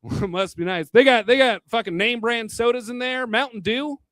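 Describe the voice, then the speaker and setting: A man's voice: very high-pitched, normal speed, fairly bright tone, no room sound, studio quality. A man doing a stand-up comedy set at a bar into a handheld microphone, crude and rambling, a bit tipsy, chuckling at his own jokes. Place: bar hosting a live comedy night.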